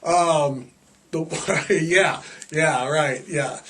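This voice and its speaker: A man's voice: on the high side, fairly bright tone, far from the mic. Sarcastic older man rambling on a podcast. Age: 60s. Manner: sarcastic, jokey, drawn-out emphasis. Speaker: podcast host. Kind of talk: rambling casual monologue.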